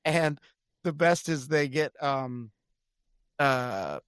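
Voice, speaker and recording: A man's voice: medium pitch, animated, extremely slow, a bit bright, clean tone, dry recording, studio quality. A man co-hosting a podcast, chatting casually as he retells a film and laughing along the way. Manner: laughs while telling the story. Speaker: podcast co-host. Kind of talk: casual chat recapping a film.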